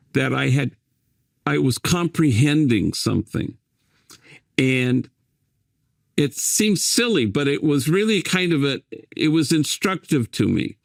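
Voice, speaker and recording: Older american guy, gravelly voice, dry close sound, gentle musing storyteller who keeps restarting his sentences. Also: a little high, dry recording. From United States. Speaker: priest and guest. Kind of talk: reflective interview storytelling.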